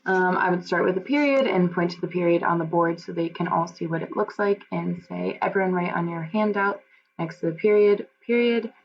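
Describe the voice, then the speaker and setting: A woman presenting a lesson plan aloud as a teacher in training, halting, with fillers and self-corrections. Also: lowish voice. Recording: dull lo-fi recording with faint hum.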